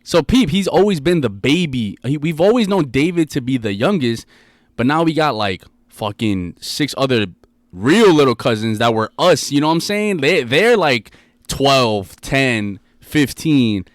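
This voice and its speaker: A man's voice: mid-range voice, sing-song, a little slow, no room sound, clean studio sound. A man, co-hosting a podcast in casual chat, rambling and restarting his sentences. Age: 20s. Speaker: podcast co-host.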